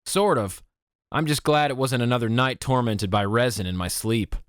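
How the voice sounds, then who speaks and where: A man's voice: medium pitch, normal speed, no room sound, studio quality, close to an everyday voice. A man voicing a snooty, sullen teenage girl with a snippy manner in an audiobook. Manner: snippy, full of attitude. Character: snooty teen girl, sullen, sharp-tongued.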